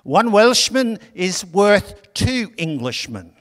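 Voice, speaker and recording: A pastor voicing a boastful hidden Welsh warrior, calling out loudly and slowly in a sermon story. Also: male voice, high voice, big pitch swings, in a large hall, pitched above the performer's own voice, full character voice. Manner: loud, slow, proclaiming.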